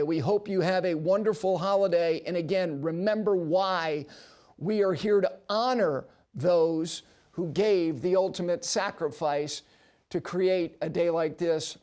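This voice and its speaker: Guy with a pretty high voice doing golf talk on tv, punchy storyteller with asides. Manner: animated storyteller with emphatic asides. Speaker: golf show host. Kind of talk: broadcast sports commentary. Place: TV studio.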